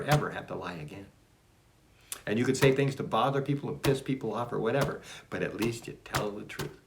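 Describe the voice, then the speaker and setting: A man reading aloud from his own spiritual writings and musing on each line in a rambling, self-interrupting way. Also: lowish voice. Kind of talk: casual spoken reading and reflection.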